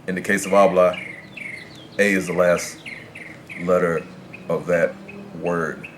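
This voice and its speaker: A man's voice: sits low, steady tone, slow, slight background noise. A man teaching as a Spanish tutor, patiently explaining rules and spelling words out letter by letter.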